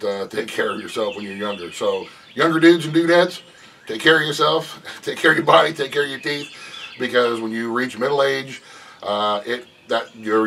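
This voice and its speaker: A man's voice: on the low side, a bit bright. Man, middle-aged, casual porch chat, rambling, folksy, laughs often, mic at a distance, faint birds and traffic. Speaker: vlogger. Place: front porch, outdoors. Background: birds and passing traffic.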